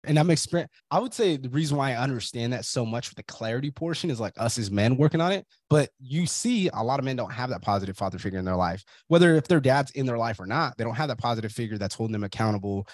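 Fast-talking blunt profane man. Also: medium pitch, expressive, dry recording. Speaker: podcast host. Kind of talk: casual podcast chat.

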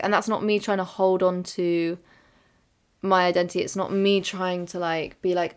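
Her voice is fairly low, clear and resonant, with a flat delivery at normal speed. She's a young podcast host musing alone, candid and rambling, full of fillers and frequent self-corrections.

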